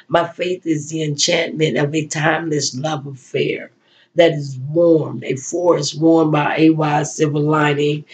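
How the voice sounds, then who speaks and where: Slow gravelly woman reciting a poem. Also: low voice, darkish tone, highs cut off. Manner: slow, measured recitation with frequent pauses and restarts. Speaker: spoken-word poet. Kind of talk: poetry recital and personal reflection.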